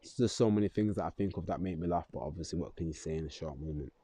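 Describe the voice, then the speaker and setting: A man's voice: low voice, very fast, mellow, slightly rough, no echo. A man in a loose, rambling astrology vlog, chuckling and correcting himself as he goes. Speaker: astrology vlogger. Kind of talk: casual astrology talk to camera.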